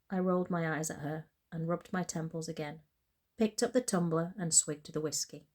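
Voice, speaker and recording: A woman's voice: deep voice, fairly even intonation, normal speed, darkish tone, slightly rough. Woman author doing a plain first-person reading of her own novel. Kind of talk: reading fiction aloud.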